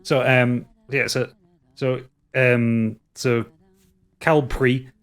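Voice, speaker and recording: Halting game master. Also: male voice, mid-range voice, flat delivery, fairly bright tone. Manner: halting, full of restarts. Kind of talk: narrating a tabletop game. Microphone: video call.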